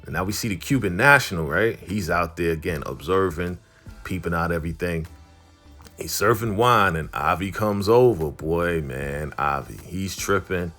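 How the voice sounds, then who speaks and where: A man casually recapping a TV drama episode, telling the story with frequent chuckles and animated asides. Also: low voice, normal speed, soft background music. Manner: animated storytelling, chuckles often, acts out characters' lines. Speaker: show recap host.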